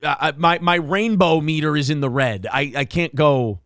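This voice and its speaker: Guy with a high gravelly voice hosting a podcast, animated storyteller, dry close sound. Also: normal speed, no echo. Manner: animated storytelling, mimics people in funny voices. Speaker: podcast host. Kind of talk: casual podcast chat.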